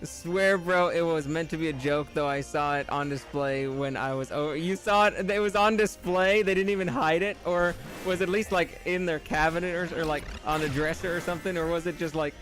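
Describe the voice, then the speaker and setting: Laughing male game streamer, higher voice. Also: steady tone, moderate pace, hardly any pauses, soft background music. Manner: reads chat aloud and reacts with loud, high laughing outbursts. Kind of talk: live game stream chat.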